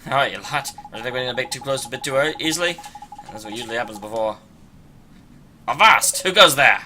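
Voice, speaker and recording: A man's voice: medium pitch, racing, sharp tone, a little hiss or hum. A man streaming a video game, chatting in a casual, sarcastic, playful way. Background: game music.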